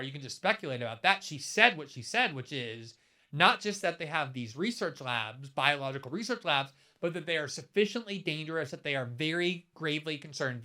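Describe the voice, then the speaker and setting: Man in his fifties, commentary monologue, bright forceful tone, slightly higher voice, emphatic rhetorical questions. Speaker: political commentator.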